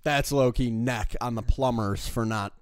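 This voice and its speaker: A man's voice: medium pitch, unhurried, clean tone, dry recording, clean studio sound. A man chiming in with brief reactions during a casual chat.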